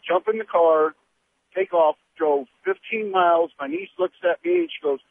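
Gravelly male caller on a tinny phone line. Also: high voice, moderate pace, a little hiss or hum. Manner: animated, amused storyteller. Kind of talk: phone-in storytelling.

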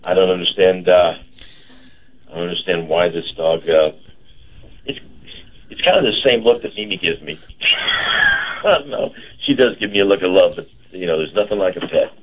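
Low-voiced man on lo-fi radio. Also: slight background noise. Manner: halting, many fillers, chatty. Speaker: radio co-host and car dealer. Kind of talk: casual radio chat. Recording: dull lo-fi radio broadcast.

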